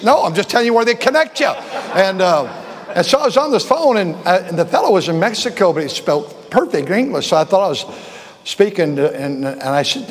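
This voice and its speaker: An older male pastor with a high voice rambles through an informal sermon story, chuckling and restarting his sentences. His voice rings out with a long reverb that fills a large church sanctuary. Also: very animated, brisk.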